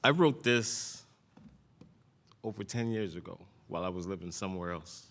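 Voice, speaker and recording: Man, low voice, sensual spoken word poem, slow seductive delivery, open mic. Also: a bit bright. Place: live open mic event.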